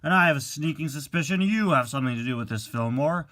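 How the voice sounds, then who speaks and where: A man voicing a gruff, loud male army jeep in a toy-car play story, barking his lines sternly. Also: a little high, animated, measured pace. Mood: angry. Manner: shouting, stern, drill-sergeant bark.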